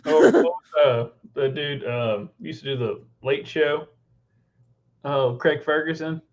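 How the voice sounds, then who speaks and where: A man's voice: a little high, takes it slowly. A man co-hosting a casual chat, rambling and circling back to repeat his words. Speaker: podcast co-host. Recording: dull lo-fi recording.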